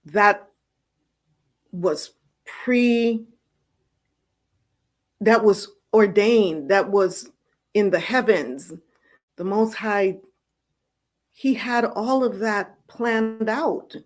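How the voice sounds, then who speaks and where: A middle-aged woman host telling her personal faith story in an earnest, storytelling way, with soft laughs now and then. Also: mid-range voice, drawn-out words, pauses often. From United States. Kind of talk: personal testimony.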